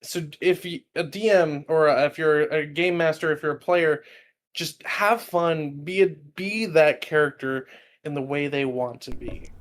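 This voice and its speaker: A man from California with a fairly high voice chats on a podcast. He talks in an enthusiastic, encouraging way. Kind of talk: casual podcast chat.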